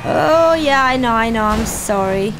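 A woman giving casual let's-play commentary, excitable and cheering on or scolding her character. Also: on the high side, unhurried, noisy background. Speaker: gaming channel host.

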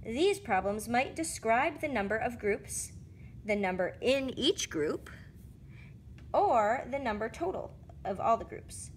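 A woman's voice: on the high side, lively intonation, takes it slowly, slight background noise. A woman casually walking through math word problems, thinking aloud and correcting herself as she goes. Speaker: math explainer. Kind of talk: casual lesson walkthrough.

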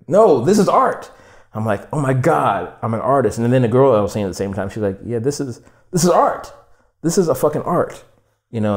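Animated storytelling man, low voice. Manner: animated, swearing, acting out quotes with many "like"s. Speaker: podcast guest, furniture designer. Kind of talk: casual storytelling interview.

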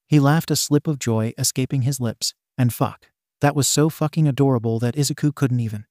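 A man reading fan fiction aloud as narrator in an even, steady way. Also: mid-range voice, fairly quick, no echo, studio quality.

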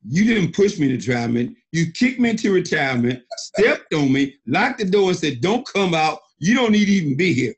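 A middle-aged man on a conference call, emphatic and animated, often repeating himself. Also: a little high, fairly quick, few pauses, slightly rough. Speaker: senior partner and mentor. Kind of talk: excited conference-call praise.

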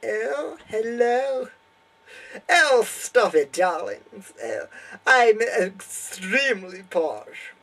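A man's voice: high-pitched, big pitch swings, very slow, gravelly, fairly bright tone, far from the mic, voice pushed up, full character voice. A young man voicing a vain, extremely posh socialite with a haughty, drawling delivery.

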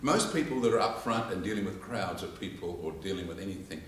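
An Australian man teaches public speaking to a live audience, and he tells stories and acts out the people in them. His voice sits a little low. It sounds like an echoey hall picked up from some distance away. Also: quick pace, a little hiss or hum. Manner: animated storyteller, acts out quotes and laughs along. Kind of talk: informal lecture with demonstrations.

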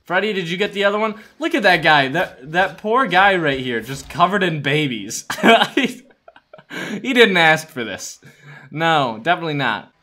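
A man giving let's-play commentary on a game, excitable, yelling and laughing at the action. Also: on the high side, measured pace. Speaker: gaming YouTuber.

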